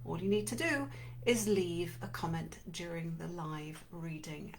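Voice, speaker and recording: A woman's voice: on the low side, takes it slowly, slight background noise. A middle-aged woman hosting a live book-reading show, chatting enthusiastically and gushing about the book before reading it aloud. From not from North America. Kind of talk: casual live-stream chat and book reading.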